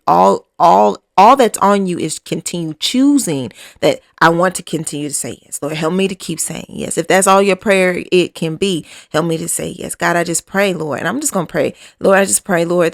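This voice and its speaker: A woman podcast host leading a fervent spoken prayer, pleading and repeating herself, often dropping to a hushed, near-whispered delivery. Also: on the low side, gravelly, dry recording, clean studio sound.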